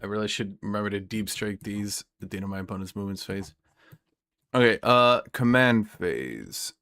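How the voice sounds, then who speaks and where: A man's voice: lowish voice, normal speed, fairly bright tone, no room sound. A man playing a tabletop wargame, thinking aloud, counting dice and swearing at his own mistakes. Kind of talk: casual play commentary.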